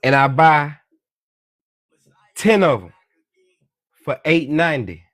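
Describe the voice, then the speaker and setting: Profane, preachy man with a high voice. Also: animated, takes it slowly, fairly bright tone, no room sound, studio quality. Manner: profane, preachy, repeats "you dig me" and "beloved". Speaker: social media commentator on money. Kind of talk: casual lecturing monologue.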